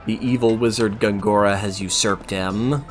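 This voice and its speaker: A man's voice: lowish voice, steady tone, normal speed, faint music behind. A man streaming a game, chatting casually and reading its story text aloud.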